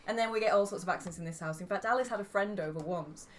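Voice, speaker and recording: A woman's voice: medium pitch, fast. A woman co-hosting a casual home livestream, chatting in a giggly, rambling way. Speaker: livestream co-host. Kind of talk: casual chat. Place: home living room. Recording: home stream with steady background noise.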